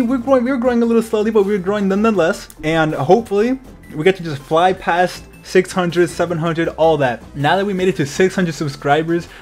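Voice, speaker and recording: A man's voice: on the high side, a little mellow. A young man thanking his viewers in a casual vlog, his speech a little slurred after getting his braces off and full of rambling fillers. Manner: slightly slurred speech from braces just removed. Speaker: channel owner.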